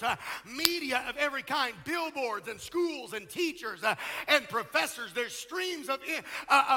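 A middle-aged man preaching a sermon as pastor, emphatic, with rhetorical questions and quieter asides. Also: very high voice, in a large hall.

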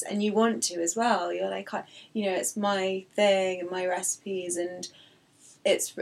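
A woman's voice: medium pitch, little pitch movement, a little slow, vocal fry. A woman hosting a podcast interview, asking questions and agreeing sympathetically. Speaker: podcast host. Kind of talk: casual interview chat.

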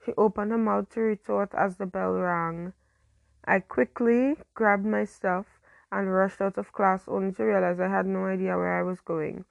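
A woman's voice: mid-range voice, fairly even intonation, moderate pace, vocal fry, dry recording. A young woman casually reading a teen story aloud, stumbling and correcting herself now and then. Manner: reads with slips and self-corrections. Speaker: story reader.

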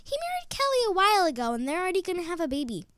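A woman's voice: very high voice, huge pitch swings, very fast, fairly bright tone, no room sound, studio quality. A woman co-hosting a podcast, teasing in playful banter. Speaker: podcast co-host.

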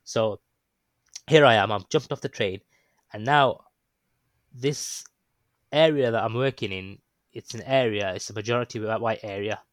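A man's voice: lowish voice, moderate pace, long pauses, no room sound. A man casually telling a story, rambling and hesitant with lots of ums and restarts. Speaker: guest recounting his experience.

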